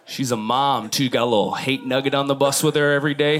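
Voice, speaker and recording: A man's voice: medium pitch, fairly even intonation, quick pace, hardly any pauses, background noise. A man finishing a stand-up set at a comedy club, brash and crude, recorded live.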